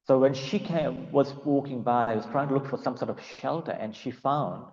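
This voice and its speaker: A man's voice: medium pitch, moderate pace, darkish tone, echoey room, long reverb tail, dull audio. A man giving a devotional class and telling a story, hesitant and full of fillers. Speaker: class speaker.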